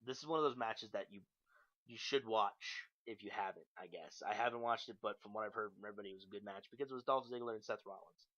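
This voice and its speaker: Young guy rambling through a wrestling recap, lotta ums, kinda low voice, dull lo-fi sound. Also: fast, pushed and bright. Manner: loose and profane, frequent ums and uhs. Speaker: podcast host. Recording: dull lo-fi podcast mic.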